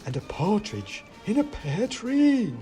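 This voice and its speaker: A man's voice: medium pitch, animated, normal speed, dark tone, faint music behind, natural voice. A man voicing a boastful, swashbuckling adventurer in a storybook reading, with an eager, theatrical delivery. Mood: triumphant.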